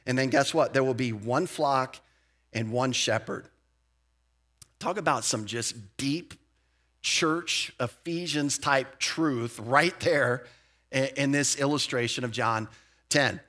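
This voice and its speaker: A man preaching a sermon as pastor, in a lively, conversational way with casual asides. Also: medium pitch, slow. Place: church sanctuary.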